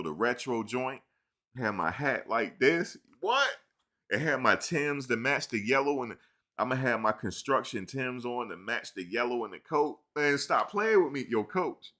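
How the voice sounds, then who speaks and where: A man hosting a casual live-stream sports talk show, teasing and answering his chat in an animated way. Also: on the low side.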